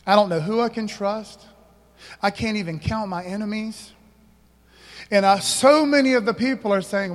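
A man's voice: high-pitched, normal speed, pauses often, big-room sound. A man pastor preaching a sermon, emphatic, calling out to the congregation for responses.

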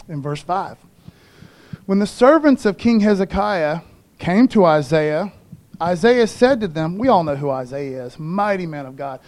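Brief: high-pitched male pastor, conversational preaching for a broadcast service. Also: darkish tone. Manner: conversational preaching with call-outs to the congregation. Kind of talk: casual sermon. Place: church broadcast.

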